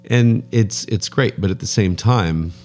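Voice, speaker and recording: A man's voice: fairly low pitch, a little slow, darkish tone. A man co-hosting a podcast, talking in a joking, rambling way and often repeating his words. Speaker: podcast co-host. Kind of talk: casual chat.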